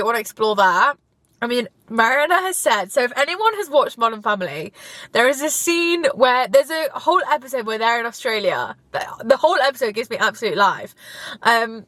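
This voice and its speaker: Chatting while she drives, a young woman vlogs from her car in a slightly high, a bit bright voice with no echo. She is gushing and talkative, though at times she gets tearful.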